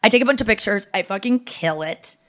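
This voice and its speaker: A woman with a mid-pitched voice tells a story in a loose, conversational way, scattering "like" through her sentences. She sounds animated and wry, poking fun at herself as she goes. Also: brisk. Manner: chatty, with frequent "like" fillers; animated, wry and self-mocking. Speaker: podcast host. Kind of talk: casual comedic storytelling.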